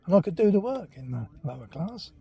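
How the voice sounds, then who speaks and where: This walking vlog host, an older man from England, shares childhood memories very animatedly and briskly in a high, mellow, slightly rough voice. His storytelling is casual, rambling, and chatty, occasionally falling almost to a whisper.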